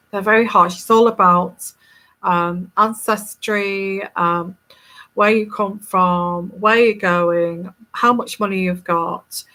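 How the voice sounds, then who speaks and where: A woman's voice: medium pitch, sharp tone. A woman with a neutral English accent, a tarot reader talking casually to viewers in a rambling, emphatic and scornful way.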